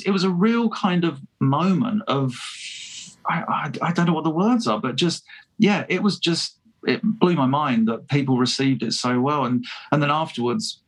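A man's voice: a little high, low-quality recording. A man telling a story in a casual interview, chatty and self-deprecating, laughing often and restarting his sentences. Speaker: fan filmmaker guest.

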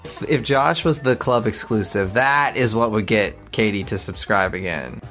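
A man's voice: on the low side, normal speed, fairly bright tone, faint music behind. A man co-hosting a podcast in casual chat, joking around and laughing often. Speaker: podcast co-host.

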